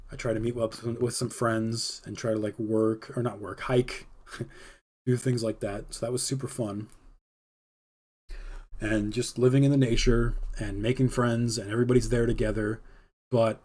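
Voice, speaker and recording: A man's voice: lowish voice, mellow. A young man hosting a podcast, telling stories in a rambling, laid-back way with many filler words. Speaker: podcast host. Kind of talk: casual storytelling on a livestream podcast.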